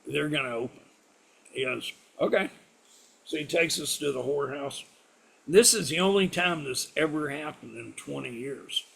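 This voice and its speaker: A middle-aged man with a gravelly, fry-edged voice, pitched a touch high for a man, spins salty sea stories. His tone is bright and forceful, and he swears freely as he talks. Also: moderate pace. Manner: salty, profane yarn-spinner. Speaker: interview guest, former sailor. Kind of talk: casual storytelling.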